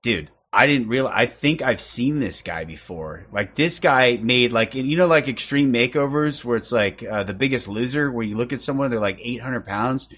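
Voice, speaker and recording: A man streaming and reacting to clips, sarcastic and profane, working himself into excited outbursts. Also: medium pitch, normal speed, few pauses, dull audio. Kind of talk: mocking commentary.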